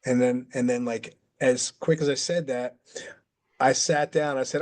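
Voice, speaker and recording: A man's voice: medium pitch, unhurried. Middle-aged man acting out a backstage story. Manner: animated, acts out quotes, many fillers. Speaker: retired pro wrestler guest. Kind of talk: casual storytelling.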